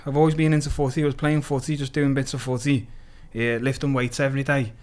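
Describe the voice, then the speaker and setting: A man appears as a podcast guest, telling stories in a casual chat with a mid-range voice and a quick pace. He's animated, swears freely and laughs his way through the stories.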